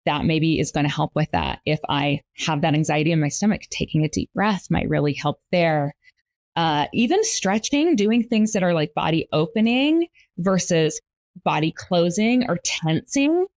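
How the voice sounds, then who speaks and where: Middle-aged woman therapist, lowish voice, calm and explaining, dry close sound. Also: no room sound. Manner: calm, explanatory, with soft filler pauses. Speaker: marriage and family therapist, guest. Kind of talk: casual interview talk.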